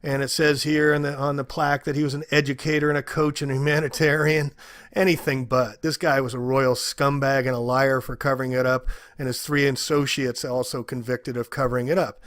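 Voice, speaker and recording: A man giving angry, indignant commentary, ranting with loud emphatic outbursts. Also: medium pitch, little pitch movement, fairly quick, no echo. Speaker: video commentator.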